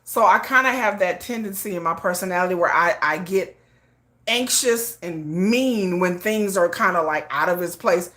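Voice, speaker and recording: A woman hosting a casual livestream chat, animated and laughing often. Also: lowish voice, normal speed. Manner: animated, laughs a lot, switches into hushed and sung put-on voices. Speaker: livestream host.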